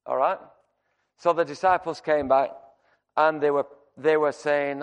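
A man preaching a sermon, speaking in a somewhat high voice. He tells a personal story in a loose, conversational way, full of restarts. Now and then he raises his voice to act out the scene. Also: steady tone, measured pace, smooth. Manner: shouts to act out screaming.

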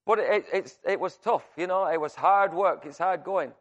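A man preaching a sermon, speaking in a somewhat high voice. He tells a personal story in a loose, conversational way, full of restarts. Now and then he raises his voice to act out the scene. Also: normal speed. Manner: shouts to act out screaming.

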